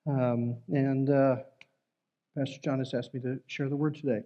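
A man's voice: mid-range voice, normal speed, muffled recording. A man, a church elder, giving an earnest, conversational sermon with some fillers and restarts.

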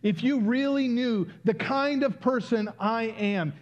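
Guy preaching in church, slow and deliberate, kinda highish voice, muffled lo-fi sound. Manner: personal, builds to loud exclamations. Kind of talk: sermon.

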